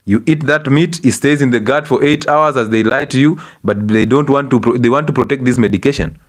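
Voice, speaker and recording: A middle-aged man with a Kenyan English accent, a doctor giving a lively health lecture to an audience and scolding them with rhetorical questions. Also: mid-range voice, a little fast.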